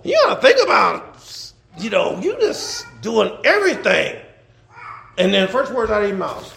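A man preaching a sermon as pastor, animated, laughing and shouting at times. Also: high voice, normal speed, gravelly, echoey room, a little hiss or hum. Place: church.

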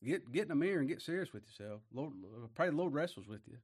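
A man preaching a sermon in a folksy way, asking rhetorical questions and swinging between loud declarations and low, quiet asides. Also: lively intonation, fast, breathy edge.

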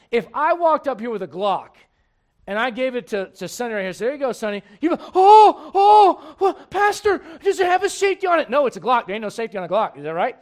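A church pastor delivers an emphatic sermon, his voice swinging between loud bursts and low asides.

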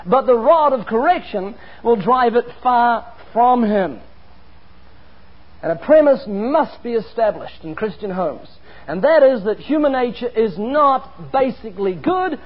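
A man's voice: very high-pitched, big pitch swings, measured pace. A man preaching a sermon, earnest and emphatic, mixing scripture with personal stories. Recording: dull lo-fi recording.

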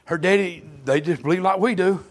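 A man preaching a fervent revival sermon in a church, moving between quiet storytelling and loud shouted exclamations. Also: high-pitched, fairly quick. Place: church sanctuary.

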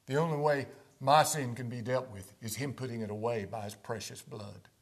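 Male preacher, mid-range voice, fervent sermon delivery with sharp swings between loud emphasis and hushed asides. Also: mid-range voice, normal speed. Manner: rhetorical questions, King James quotations.

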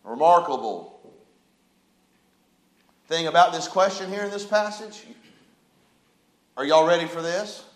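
A pastor preaches in a notably high voice. He fires off rhetorical questions, dropping to near-hushed asides before rising into loud cries. The sound rings through a reverberant church room. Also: measured pace, pauses often. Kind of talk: sermon. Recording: echoey room.

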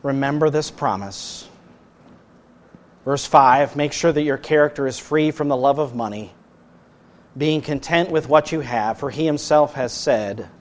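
A man preaching a sermon as pastor, earnest, his voice rising loud and then dropping soft. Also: mid-range voice, measured pace.

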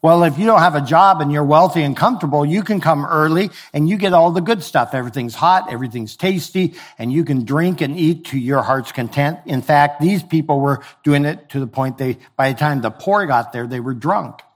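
A man's voice: a little high, fairly quick, hardly any pauses. A man preaching a sermon in a conversational way, explaining scripture with everyday examples. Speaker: pastor.

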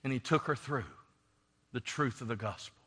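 A man's voice: medium pitch, normal speed, a bit bright, husky. A man preaching a sermon, telling a story with fervent, emphatic delivery and acted-out dialogue. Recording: long reverb of a large hall.

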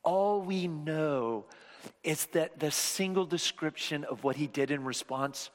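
A fairly high-voiced man delivers a sermon in a church, his voice ringing with long reverb through the hall. He swings from emphatic, raised passages down to near whispers. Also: takes it slowly. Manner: dynamic, swinging from loud to hushed whispers. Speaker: pastor.

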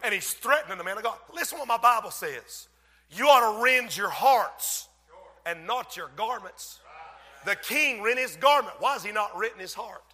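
A man preaching an impassioned sermon in a church, often rising to shouts. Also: high-pitched, animated, normal speed, in a large hall.

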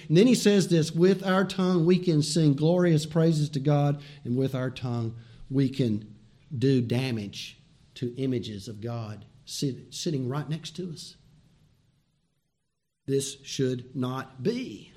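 In a mid-range voice and at a slow pace, a male pastor delivers his sermon. Loud, emphatic repetitions give way to hushed, folksy remarks and direct questions to the people listening.

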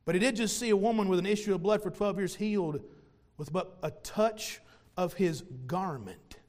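A man preaching a sermon to his congregation, animated, acting out little voices of the people in the story. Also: sits high, normal speed. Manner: animated, plays out voices of mockers and parents. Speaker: pastor.

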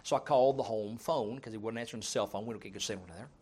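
A middle-aged man preaching a sermon, telling humorous stories and swinging between loud and soft. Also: on the low side, very fast, slightly rough.

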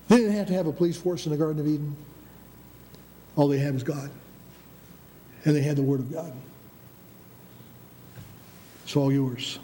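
A man's voice: high voice, mellow. A man preaching a sermon with a Michigan Upper Peninsula accent, emphatic, repeating his phrases and sometimes stumbling over words. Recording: reverberant hall with faint ambient noise.

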